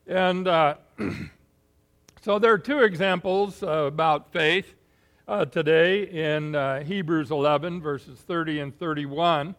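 A man preaching a sermon in an unhurried, folksy way, pausing often with fillers and clearing his throat. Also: on the high side, fairly bright tone. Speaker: pastor.

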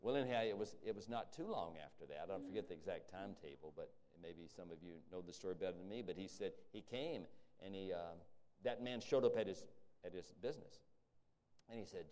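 Man, low pitch, sermon, rambling delivery, emphatic peaks, middle-aged. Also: a little mellow. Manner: rambling, halting with many restarts, rising to emphatic peaks. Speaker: preacher.

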